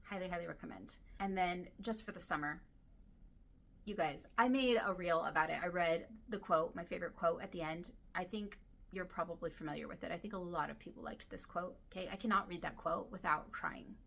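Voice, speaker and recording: A woman chatting casually to camera about books she loves, gushing and sometimes dropping to a soft whisper, her throat dry and irritated. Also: on the low side, fairly quick, gravelly. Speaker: book vlogger.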